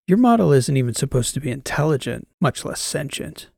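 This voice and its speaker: A man's voice: medium pitch, very animated, fairly quick, creaky, a little mellow, slightly rough, no echo, studio quality, exaggerated voice. A man voicing a businesslike male officer. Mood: questioning. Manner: questioning, matter-of-fact.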